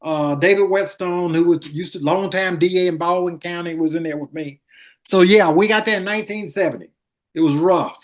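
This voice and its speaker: A man's voice: sits high, a little fast. An older man, a former attorney, reminiscing in a casual interview and acting out quoted lines in his anecdotes.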